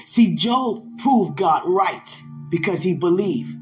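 Brief: emphatic male preacher, lifted voice, soft music behind. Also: high voice, expressive, slow pace. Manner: fervent, emphatic, laughs at times. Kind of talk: sermon-style podcast talk.

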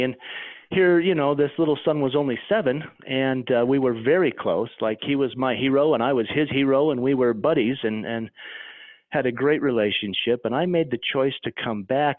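A man recounting a deeply personal experience as an interview guest, earnest and halting, often restarting his sentences. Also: no echo. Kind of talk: emotional personal account. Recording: tinny phone line.

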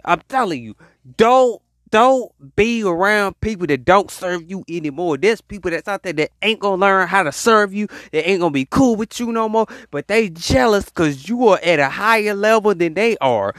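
A spiritual speaker preaches a rambling, slangy pep talk, with the voice swooping up and down in animated emphasis. The voice-message recording is close and dry, with no room sound. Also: mid-range voice, normal speed, no echo.

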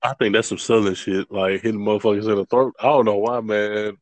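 A man's voice: lowish voice, fairly even intonation, a little fast, no room sound. A man co-hosting a podcast, chatting in a laid-back, agreeable, profane way. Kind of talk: casual chat.

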